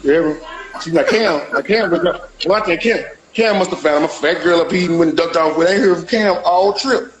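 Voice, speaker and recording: A man's voice: on the high side, fairly quick, poor audio. A man in casual, rambling banter, repeating himself often. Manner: rambling, repeats "you hear me".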